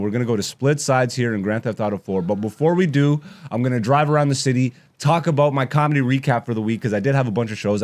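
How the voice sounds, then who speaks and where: A man's voice: mid-range voice, a little mellow. A man in his thirties, a comedian hosting his podcast, ranting bluntly and profanely while gaming.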